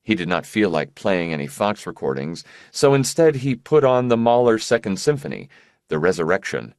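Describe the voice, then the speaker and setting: A man narrating an audiobook in a measured, expressive reading voice. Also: sits low, no echo, clean studio sound. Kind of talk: scripted narration.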